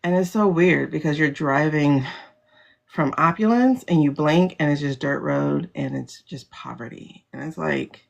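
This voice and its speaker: A woman's voice: low-pitched, unhurried, creaky. A woman hosting a casual livestream, talking bluntly and animatedly, laughing often and swearing freely. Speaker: livestream host. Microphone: phone livestream.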